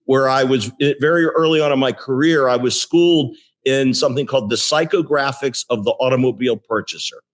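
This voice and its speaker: A man in his sixties, a company CEO, telling career stories in a relaxed interview, with frequent restarts and fillers. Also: medium pitch, a little fast. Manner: animated storyteller with many restarts. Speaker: guest, tech company CEO. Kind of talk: casual interview storytelling.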